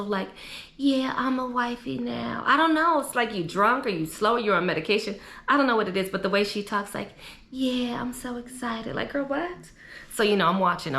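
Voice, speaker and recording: Chatty woman recapping in an echoey room. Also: mid-range voice. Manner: chatty, opinionated, animated asides. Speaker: reality TV recap vlogger. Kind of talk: casual chat.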